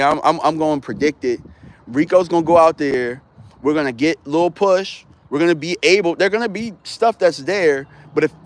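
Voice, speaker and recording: Slangy, rambling man on a live stream. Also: on the high side. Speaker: sports streamer. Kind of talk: casual live-stream football talk.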